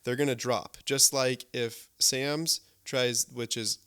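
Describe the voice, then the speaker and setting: A man in his thirties hosts a casual business podcast, full of eager energy. He keeps checking in with a quick "right?" and repeats words as he builds his point. His pitch sits right in the middle. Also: fairly even intonation, sharp tone, clear, resonant tone. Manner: enthusiastic, repeats words, many "right?" tags. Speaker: podcast host. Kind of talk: casual interview chat.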